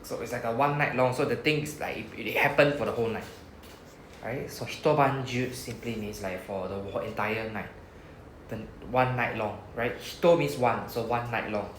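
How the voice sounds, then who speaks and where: A man's voice: medium pitch, moderate pace. A man with a Singaporean English accent teaching Japanese to a class, explaining patiently and often checking with "right?". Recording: echoey classroom, faint noise.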